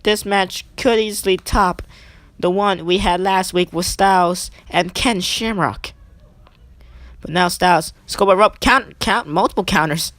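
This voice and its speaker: A woman giving eager play-by-play wrestling commentary over a video game, climbing high in pitch as she counts pins, with chatty asides. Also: no room sound. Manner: excitable, rising sharply on pin counts, chatty asides. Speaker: gaming channel host.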